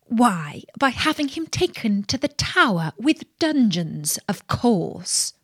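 A woman's voice: on the high side, big pitch swings, slow pace, husky, dry recording, studio quality, heavily acted. A woman voicing a scornful eldest princess who jeers and scolds in a storybook reading. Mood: indignant. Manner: jeering, indignant.

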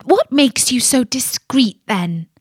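A woman's voice: a little high, big pitch swings, takes it slowly, husky, no echo, clean studio sound, full character voice. A woman voicing a proud young princess who asks commanding questions in a storybook reading. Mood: sharp. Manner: imperious, demanding questions.

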